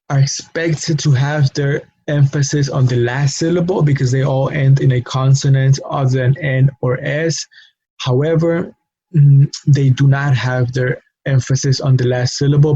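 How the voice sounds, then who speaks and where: A man teaches pronunciation rules, pausing often with fillers and repeating each example word. His voice is mellow and husky and stays flat in pitch. The recording sounds dull and lo-fi. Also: dry recording. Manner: slow, hesitant with many fillers, repeats example words. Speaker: Spanish teacher.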